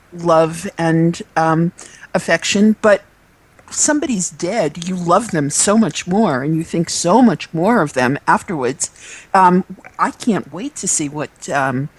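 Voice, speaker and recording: A woman's voice: lowish voice, a little slow, husky, poor audio. Woman, chat host, hesitant, filler words, video call. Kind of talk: casual chat.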